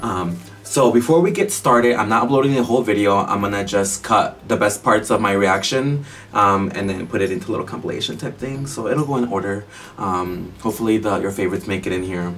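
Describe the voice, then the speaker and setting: A man chatting casually to camera as a reaction vlogger, excitable and swearing freely. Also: fairly low pitch, brisk, far from the mic, slight background noise. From United States.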